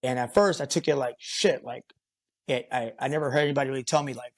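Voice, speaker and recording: A man's voice: medium pitch, steady tone, quick pace. Profane, rambling construction foreman. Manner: rambling, profane, filler-heavy. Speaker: podcast guest, concrete foreman. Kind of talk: casual storytelling interview.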